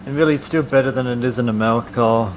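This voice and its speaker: A man's voice: mid-range voice, quick pace, slight background noise. A man with an Australian accent, a guest on a casual online stream, talking in a laid-back, dry, teasing way.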